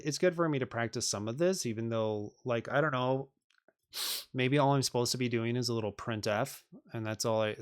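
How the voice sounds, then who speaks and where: A man's voice: mid-range voice, clear, resonant tone. A man on a live stream working through programming exercises, reading them aloud and joking with viewers in a self-deprecating way.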